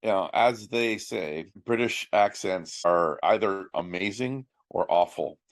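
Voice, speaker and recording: A man guesting on a podcast, playful and quick with puns. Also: deep voice, no echo. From Ottawa area, Canada. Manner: playful, punning. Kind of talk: casual interview chat.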